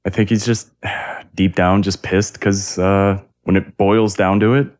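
Deep-voiced man reassuring a friend. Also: level tone, unhurried. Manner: sympathetic, laid-back reassurance. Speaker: podcast co-host. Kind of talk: casual podcast chat.

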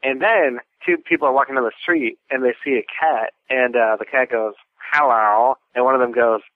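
A man's voice: mid-range voice, fairly even intonation, a little fast, no echo. A man leaving a meandering, hesitant voicemail full of fillers. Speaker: voicemail caller. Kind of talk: rambling voicemail pitch. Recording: tinny phone line.

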